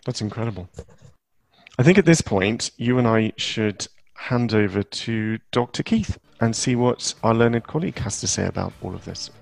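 A man hosting a podcast in casual conversation, chatty and self-deprecating with quick asides. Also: on the low side, lively intonation, gravelly, no echo. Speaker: podcast host.

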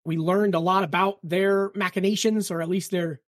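A woman's voice: on the low side, fairly even intonation, normal speed, no room sound, studio quality. A woman co-hosting a book podcast in casual chat, full of "like" and restarts. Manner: chatty, lots of "like" and restarts. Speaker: podcast co-host.

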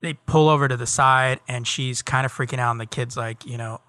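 Bright, dry-sounding podcast man. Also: medium pitch, fairly quick, no echo. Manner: relaxed storytelling with many fillers. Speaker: podcast co-host. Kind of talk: casual chat recapping a TV episode.

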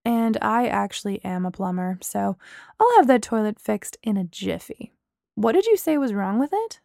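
A woman doing a relaxed, friendly young man. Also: mid-range voice, normal speed, creaky, no room sound, studio quality.

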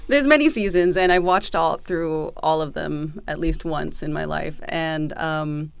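A woman co-hosting a casual podcast, chatty and quick to laugh. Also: low-pitched, creaky, smooth, no room sound. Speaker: podcast co-host.

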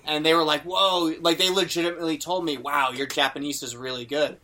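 A man's voice: fairly high pitch, a little fast. A young man chatting casually on a podcast, telling a travel story with lots of fillers and acted-out quotes. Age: young adult. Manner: animated, acts out quotes, many fillers. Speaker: podcast host.

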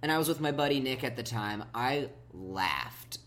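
A man's voice: mid-range voice, lively intonation, moderate pace, a bit bright. A man co-hosting a podcast in casual chat, easygoing and agreeable. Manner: easygoing, agreeable, many fillers. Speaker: podcast co-host.

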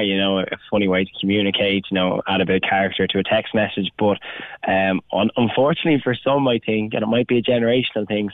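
A young man in his twenties speaks quickly on a radio show, hedging often. His low voice comes through a thin, phone-like line that sounds dry. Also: no room sound. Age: 20s. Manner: quick, hedging, filler-heavy. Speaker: radio guest. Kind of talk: radio chat.

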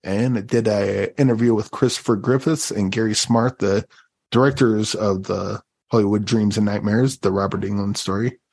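A man's voice: on the low side, steady tone, normal speed, vocal fry, a little mellow, breathy edge. A man co-hosting a podcast and talking casually, loose and conversational, with lots of ums and you-knows. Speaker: podcast co-host and interviewer.

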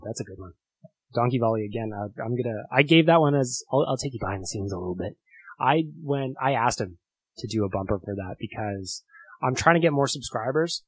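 A man hosts a podcast in a relaxed, casual way and reacts with amusement. His voice is slightly husky, and the sound is dry and close to the mic. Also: mid-range voice, no room sound. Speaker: podcast host.

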